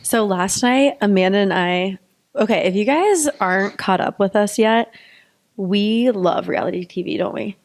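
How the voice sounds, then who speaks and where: A woman's voice: mid-range voice, normal speed. Giggly chatty woman podcast co-host. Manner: chatty, giggly, lots of fillers. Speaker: podcast co-host, pelvic physical therapist. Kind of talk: casual chat.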